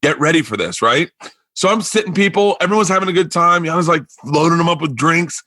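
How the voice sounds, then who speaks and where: Bright-voiced man telling stories. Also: on the high side, brisk, no echo. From Florida. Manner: rambling, animated storyteller who acts out quotes. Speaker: podcast host. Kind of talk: casual storytelling chat.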